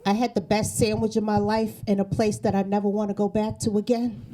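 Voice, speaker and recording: A woman's voice: mid-range voice, flat delivery, a little fast, dark tone. A woman comedian doing a brash, profane stand-up set from the East Coast. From New England. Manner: brash, profane, sarcastic punchlines. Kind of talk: stand-up set before a live audience. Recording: stage mic with audience laughter.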